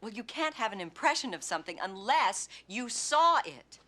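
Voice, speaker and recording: A woman's voice: a little high, very animated, moderate pace, pushed and bright, heavily acted. An actress playing a female prosecutor cross-examining a defendant with pointed, probing questions in a TV movie courtroom drama. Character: sharp, relentless female prosecutor.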